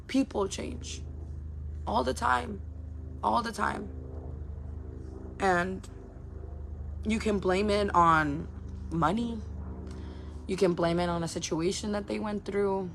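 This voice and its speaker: On a livestream, a woman content creator talks to her supporters in a blunt, casual way, swearing a lot and tossing in quick asides. Her mid-range voice is gravelly, and there's a little background noise.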